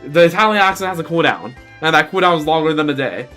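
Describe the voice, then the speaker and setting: A man's voice: on the high side, expressive, fast talker, pushed and bright, faint music behind. A man giving casual let's-play commentary, rambling and self-deprecating, often restarting his sentences. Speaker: game streamer.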